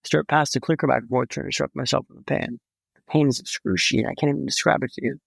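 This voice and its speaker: A man's voice: mid-range voice, steady tone, quick pace, gravelly, slightly rough, no echo. A young man, a podcast guest, telling a story in a vivid, dramatic way with wry humor. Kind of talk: storytelling in a conversation.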